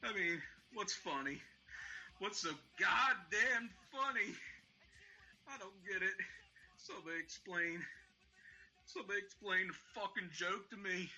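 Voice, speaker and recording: A man's voice: sits high, unhurried, pauses often, sharp tone, muffled recording, full character voice. A man playing a drunk, weeping aging male vigilante who rambles and stammers in a fan audio drama. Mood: grieving. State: crying.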